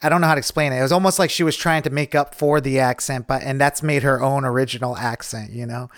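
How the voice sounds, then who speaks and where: A man's voice: medium pitch, steady tone, fast talker, fairly bright tone. A man co-hosting a podcast, chatting casually and enthusiastically, rambling and laughing easily. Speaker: podcast co-host. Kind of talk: casual chat.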